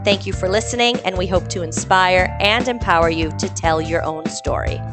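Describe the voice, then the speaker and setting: A woman podcast host closes the episode in an upbeat, affirming tone. Music plays clearly behind her voice in the studio. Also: lowish voice, normal speed. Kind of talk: casual chat and sign-off.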